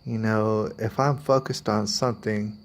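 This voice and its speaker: A man's voice: fairly low pitch, fairly even intonation, a little slow, gravelly. A man vlogging, talking about himself in a rambling, confiding way, sometimes acting out what others say. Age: adult, has a daughter. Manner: rambling, confiding, quotes others in put-on voices. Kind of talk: personal talk to camera.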